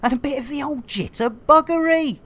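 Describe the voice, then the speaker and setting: A woman's voice: high voice, normal speed, a loud crowd. A woman streaming a game, bantering with her chat in a jokey, bubbly way, full of silly rhyming catchphrases and cheeky innuendo.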